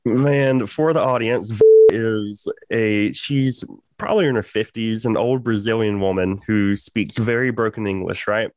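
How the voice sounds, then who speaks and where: A man's voice: lowish voice, fairly even intonation, unhurried, a little mellow, no room sound. A man hosting a podcast, telling a rambling, profane story in a laid-back way. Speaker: podcast host. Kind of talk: casual storytelling chat.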